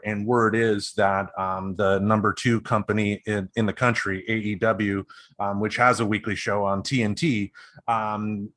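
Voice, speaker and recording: A man's voice: on the low side, fairly bright tone, no echo. A man co-hosting a podcast, talking in a rambling casual way with many ums and restarts. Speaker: podcast co-host. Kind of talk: casual chat.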